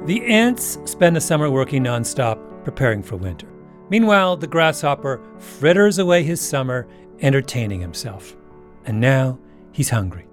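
A man's voice: mid-range voice, very animated, normal speed, soft background music. A man hosting a podcast in wry, emphatic scripted narration. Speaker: podcast host.

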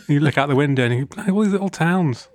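A man's voice: fairly high pitch, no echo, clean studio sound. A man from England co-hosting a comedy podcast, rambling and joking, laughing through his lines. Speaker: podcast co-host. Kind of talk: casual chat.

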